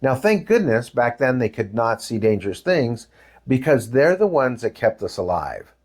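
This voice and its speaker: Older man teaching parents, lively. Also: mid-range voice, moderate pace. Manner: animated storytelling with acted quotes; addresses audience with questions. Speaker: presenter. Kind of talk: parent education talk.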